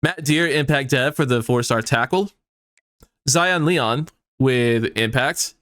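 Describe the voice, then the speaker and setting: A man commenting on his own football video game dynasty, excitable and swearing often as his mood swings between hype and outrage. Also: medium pitch, slow pace, dry recording, studio quality. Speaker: gaming YouTuber. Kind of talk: let's play commentary.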